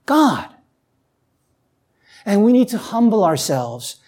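A woman preaching a sermon who reads scripture aloud and asks the listeners questions. She climbs to emphatic peaks, then drops low and quiet. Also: very animated, slow pace.

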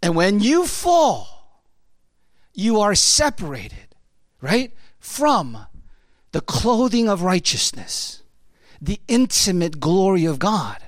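A man's voice: sits high, big pitch swings, slow pace, long pauses, dry recording, studio quality. A middle-aged man preaching a sermon in a loose, conversational way, often checking in with "right?". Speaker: pastor.

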